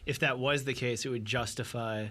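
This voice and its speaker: A man's voice: mid-range voice, fairly even intonation, moderate pace, sharp tone. A man in a casual podcast discussion, making wry remarks and asking questions about a movie.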